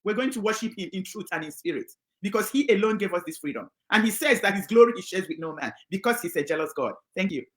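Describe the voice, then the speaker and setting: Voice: medium pitch, lively intonation, fast talker, fairly bright tone. A speaker preaching fervently about God during an online discussion. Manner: fervent, religious. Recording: echoey room.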